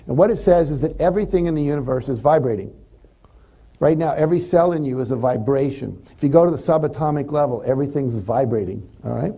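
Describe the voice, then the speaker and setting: Man, motivational speaker, warm mellow tone, fairly high voice, playfully acts out quoted thoughts, live seminar feel.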